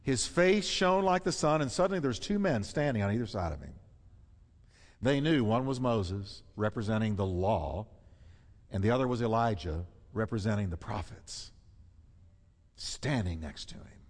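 A man's voice: big pitch swings, moderate pace. Emphatic preacher man in a reverberant hall. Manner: emphatic, swings between loud high peaks and low hushed asides. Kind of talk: sermon. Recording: long reverb of a large hall.

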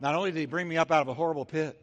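A man preaching from the pulpit in a high, bright-edged voice, swinging from near-whispers to loud bursts and acting out everyday scenes in playful voices. His words ring out through a long hall echo in the church sanctuary. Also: racing. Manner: emphatic preaching with sudden loud and soft swings; acts out little scenes with comic voices. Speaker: pastor. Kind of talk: sermon.

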